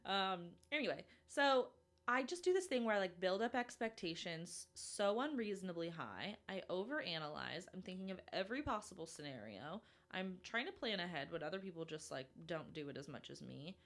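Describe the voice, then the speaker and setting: A woman's voice: fairly low pitch, lively intonation, moderate pace, fairly bright tone. Young woman from minnesota rambling on her solo podcast, chatty, lots of likes and ums. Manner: chatty, self-deprecating, lots of fillers and likes. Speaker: podcast host.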